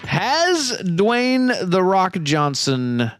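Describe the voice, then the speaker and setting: A man co-hosting a podcast in casual chat, playful and animated, reading bits aloud and steering the talk back on track. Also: sits high, very slow, music in the background. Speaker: podcast co-host.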